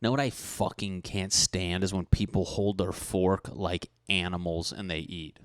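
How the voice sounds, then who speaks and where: A man's voice: low voice, fairly even intonation, a little slow, no room sound, clean studio sound. A young man hosting a podcast, ranting profanely and animatedly in a solo comedic monologue, often mocking people in put-on voices. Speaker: podcast host.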